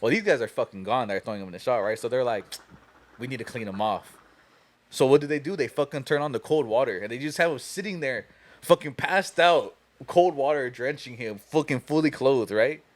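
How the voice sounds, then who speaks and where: A man's voice: mid-range voice, brisk. A young man hosting a podcast, telling a long story casually, profane and laughing as he goes. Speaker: podcast host.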